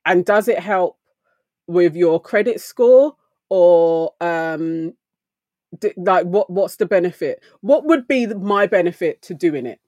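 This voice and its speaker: A woman's voice: lowish voice, lively intonation, slow pace, a little mellow, no room sound. A woman in a casual group chat, candid and musing as she thinks aloud. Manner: candid, musing, laughs easily. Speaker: podcast co-host.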